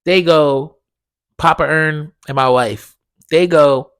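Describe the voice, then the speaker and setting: A young man hosting a solo podcast, telling a story in a profane, animated way full of slang. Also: fairly high pitch, slow pace, clear, resonant tone. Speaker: podcast host. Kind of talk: casual solo podcast monologue.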